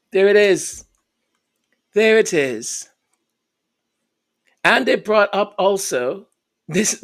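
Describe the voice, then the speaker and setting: A man's voice: high-pitched, gravelly. A man giving exasperated, mocking commentary as a vlogger, repeating his phrases for emphasis.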